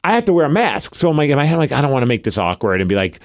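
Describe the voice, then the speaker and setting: A Pacific Northwest man in his forties, co-hosting a podcast, races through a story in a mid-range voice. The chat is casual, and he animatedly performs every line he quotes.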